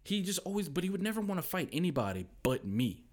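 Animated young man telling stories. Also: high voice, quick pace. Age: young adult. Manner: animated, quotes people in lively put-on voices. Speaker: podcast guest. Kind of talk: casual storytelling chat.

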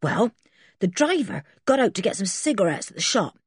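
A woman voicing an eager, cheerful teenage garage boy who chatters excitedly in a storybook reading. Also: medium pitch, moderate pace, breathy edge, dry recording, studio quality.

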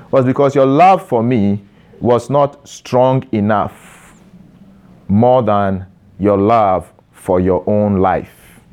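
A man's voice: mid-range voice, a little mellow. A man preaching a sermon, emphatic, repeating phrases and stretching out stressed words, addressing his young listeners directly with questions.

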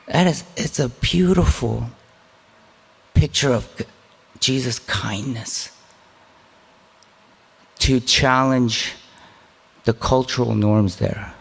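Slow, gravelly-voiced male preacher. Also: mid-range voice, a bit bright. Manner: casual and self-deprecating, with chatty asides. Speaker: pastor. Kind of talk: conversational sermon. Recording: long hall reverb.

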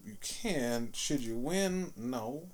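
Podcast co-host, man in his thirties, emphatic and slangy, wide pitch swings. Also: expressive, takes it slowly. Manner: emphatic, slangy, acts out quotes. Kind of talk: casual banter.

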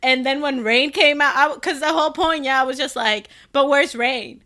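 A woman with a bright, fairly high voice, co-hosting a podcast. She talks casually in slang and laughs often while she chats. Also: normal speed. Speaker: podcast co-host. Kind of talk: casual chat.

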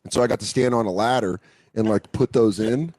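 A man's voice: fairly low pitch, brisk, darkish tone, dry recording, low-quality recording. A man hosting a podcast, telling crude comic stories in a loose, swearing, casual chat. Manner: loose, swearing, storytelling with silly voices. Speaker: podcast host.

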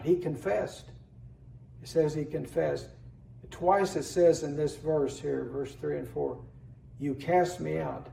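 A man's voice: fairly high pitch, creaky, dark tone. A man pastor preaching a sermon in a church, earnestly reading scripture aloud with rising emphasis. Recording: echoey room, voice from a distance.

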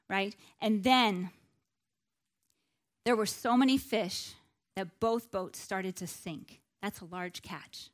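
A woman's voice: on the high side, fairly bright tone. Chatty woman teaching a Bible lesson. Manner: chatty, with many "like" and "you know" asides.

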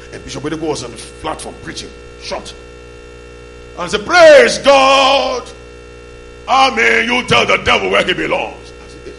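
A man preaching a sermon as pastor, calling the congregation to shout back, in a church hall with music and hum behind. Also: medium pitch, gravelly. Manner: call-and-response, shouting bursts.

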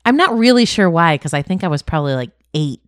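A woman's voice: lowish voice, big pitch swings, quick pace, dry recording, clean studio sound. A woman co-hosting a casual chat, teasing and sarcastic-sounding. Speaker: podcast co-host.

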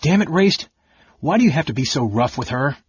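A man reading an audiobook, voicing a blunt, hot-headed male warrior who speaks loudly and higher than his narration. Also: sing-song, normal speed, breathy edge, no echo, muffled recording. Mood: exasperated. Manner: loud, blustering, raised.

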